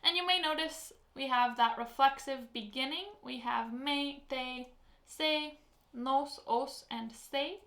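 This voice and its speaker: Woman teacher going over verbs, high voice, echoey room. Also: sharp tone. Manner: clear, slow, patient explanation with example phrases. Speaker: Spanish teacher. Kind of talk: online language lesson.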